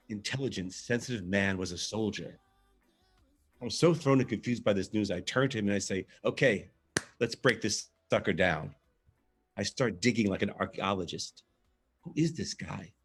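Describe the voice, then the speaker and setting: A man's voice: on the low side, breathy edge. A man reading a candid, wry first-person monologue for a verbatim theatre reading, as a male arts director telling his story.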